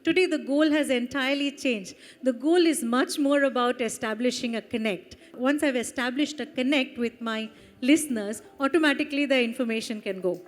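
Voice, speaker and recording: A woman's voice: high voice, moderate pace. A woman with an Indian English accent giving a conference talk, conversational, with many fillers and tag questions. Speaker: panel speaker. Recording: hall with long reverb and faint music.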